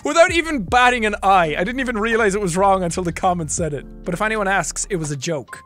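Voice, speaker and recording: A young Irish man casually chatting on a livestream, reading viewer messages and laughing between quick remarks. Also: high voice, animated, sharp tone, soft background music. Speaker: streamer. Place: home recording room.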